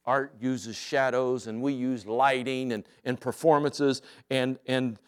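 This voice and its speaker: Man, pastor, sermon, slow delivery, smooth clear voice, soft deliberate emphasis. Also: mid-range voice. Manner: relaxed storytelling that drops to soft, slow emphasis. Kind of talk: sermon with personal anecdote.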